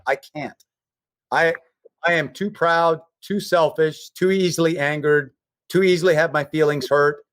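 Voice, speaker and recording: An earnest man speaks in a fairly high voice over a remote call. He piles up short emphatic phrases. The sound is dry and close. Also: no echo. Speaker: guest, humanitarian relief leader. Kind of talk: emotional personal storytelling.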